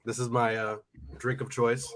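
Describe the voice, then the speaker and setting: A man's voice: medium pitch, flat delivery, moderate pace, fairly bright tone, slight background noise. A man hosting a casual live stream, stuffy and nasal from a cold, joking and hyping viewers. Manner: playful, hyped, laughs often.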